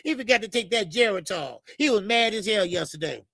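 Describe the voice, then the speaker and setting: A man hosting a live boxing talk stream, ranting in a profane, animated way and often repeating himself. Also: high-pitched, a little fast, no echo. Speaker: boxing show host.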